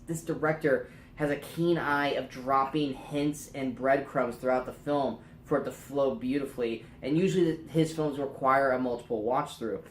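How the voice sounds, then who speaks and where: A man's voice: mid-range voice, roomy sound. A man hosting his own casual film review channel, talking loosely with lots of ums and uhs and fixing his own words mid-sentence. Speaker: movie reviewer, channel host.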